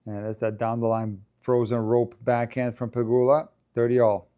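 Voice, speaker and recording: A man hosts a casual live stream, calling a tennis match shot by shot. His voice is mellow and warm, and his chatty delivery lifts at the big points. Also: medium pitch, moderate pace, smooth. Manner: chatty play-by-play, rising in excitement at big points. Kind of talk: casual live watchalong commentary.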